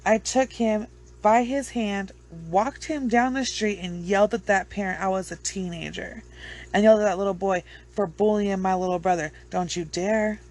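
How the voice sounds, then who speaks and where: A woman's voice: medium pitch, fairly even intonation, moderate pace, a little mellow. A woman with children chatting casually to her viewers, rambling, blunt and swearing freely. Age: adult with children. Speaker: true crime vlogger. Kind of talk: casual chat to camera.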